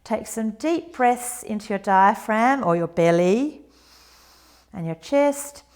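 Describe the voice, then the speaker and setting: A woman in her forties teaching a yoga routine, gentle and encouraging with chatty asides. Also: medium pitch, expressive, takes it slowly. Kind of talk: guided exercise instruction.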